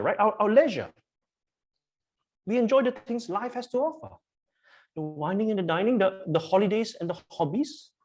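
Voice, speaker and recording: Husky, animated preacher. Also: medium pitch. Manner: emphatic, repetitive, asks the congregation questions. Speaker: pastor. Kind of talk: sermon. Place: church.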